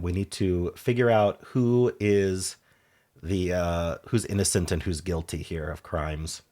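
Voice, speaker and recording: A deep-voiced man with a slightly sore throat works through word puzzles out loud. He mutters and trails off while thinking, then brightens with quick asides to the viewer. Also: steady tone. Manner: muses half to himself, trails off, sudden brighter asides. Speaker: puzzle game streamer. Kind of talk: casual thinking aloud while solving puzzles.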